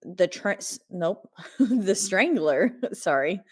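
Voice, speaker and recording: A woman's voice: lowish voice, expressive, drawn-out words, husky. A woman co-hosting a podcast, recapping a horror movie in casual chat, rambling with fillers and laughs. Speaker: podcast co-host.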